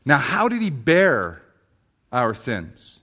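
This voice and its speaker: A man preaching a sermon, swinging from emphatic, rising passages to quiet, slow stresses, often restarting on repeated words. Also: medium pitch, wildly swooping pitch. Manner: emphatic preaching, rising loud then dropping to hushed. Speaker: pastor.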